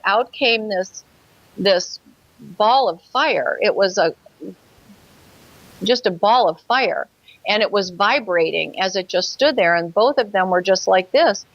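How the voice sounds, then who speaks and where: A woman's voice: mid-range voice, a bit bright, dry recording, highs cut off. A woman telling her own experience as a guest in an interview, earnest, acting out her past thoughts. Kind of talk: personal account in an interview.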